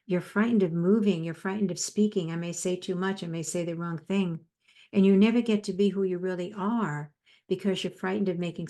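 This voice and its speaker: Her fairly low, warm voice carries a motivational talk given conversationally. She's a psychotherapist and speaker aged fifty or above, and she mixes in personal anecdotes.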